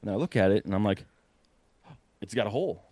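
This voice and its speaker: A young man casually telling a long story, animated and breathless, full of fillers and quick laughs. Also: on the low side, dry recording. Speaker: podcast guest telling a hunting story.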